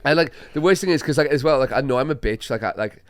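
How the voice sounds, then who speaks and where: Young Australian comic, loose storytelling podcast guest, medium voice, close and dry. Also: male voice, medium pitch, fast, no echo. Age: young adult. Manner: swearing, animated storytelling with laughs. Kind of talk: casual chat.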